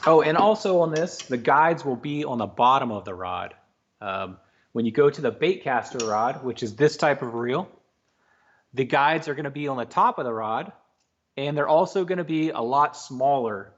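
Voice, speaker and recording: A man's voice: medium pitch, normal speed, slight background noise. Laid-back male co-host, patient explainer in casual talk, slightly muffled recording. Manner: relaxed, explains basics patiently with restarts. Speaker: co-host of a fishing talk show. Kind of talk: casual livestream chat.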